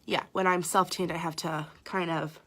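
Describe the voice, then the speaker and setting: A woman's voice: on the low side, fairly even intonation, normal speed, fairly bright tone. Young woman, nasal from a cold; easygoing chatty beauty-tutorial host talking to viewers. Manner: chatty, greets viewers by name, many fillers. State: slightly sick, nasal. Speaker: makeup artist livestreaming. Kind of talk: casual makeup tutorial chat.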